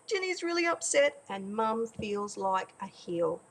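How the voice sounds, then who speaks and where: A woman, a parenting educator, tells a teaching story in an animated way and acts out the characters as she goes. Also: fairly high pitch, a little slow, vocal fry, low-quality recording. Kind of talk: storytelling lesson.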